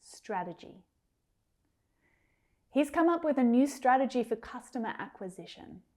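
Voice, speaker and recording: A woman teaching English pronunciation, carefully repeating each word slowly. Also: high-pitched, animated, darkish tone. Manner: careful, drawn-out repetition of words. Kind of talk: slow pronunciation lesson.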